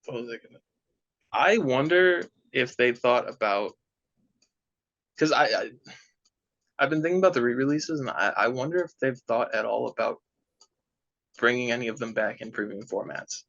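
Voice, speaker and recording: A man's voice: mid-range voice, normal speed, pauses often, fairly bright tone, no room sound. A young man co-hosting a podcast in casual chat, thoughtful and easygoing, often restarting his sentences. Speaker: podcast co-host. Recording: dry, slightly dull sound.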